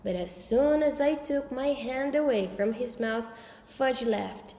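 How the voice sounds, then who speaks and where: A woman with a high voice reads a children's story aloud with lively expression. Her voice rings out in a roomy space with a long reverb tail. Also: measured pace. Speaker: audiobook reader. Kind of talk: storybook narration.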